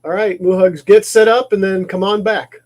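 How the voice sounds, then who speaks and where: A man hosts a laid-back livestream from his maker shop while working, his talk rambling with many repetitions and restarts. His voice is high-pitched and a little mellow, with a steady tone at normal speed.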